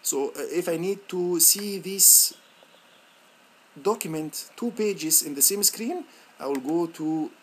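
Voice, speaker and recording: A male instructor talking students through a software lab on screen, thinking aloud with repeated words and many fillers. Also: slow, slight background noise. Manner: lively, rising pitch on praise words. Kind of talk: screen-recorded software tutorial.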